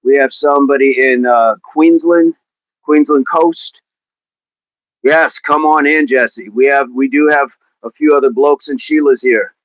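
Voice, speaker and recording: A man's voice: medium pitch, fairly even intonation, normal speed, a bit bright, dry recording. A man hosting a daily fitness livestream, chatting casually while stretching and reading viewer comments aloud in a playful way. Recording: dull lo-fi sound, dry.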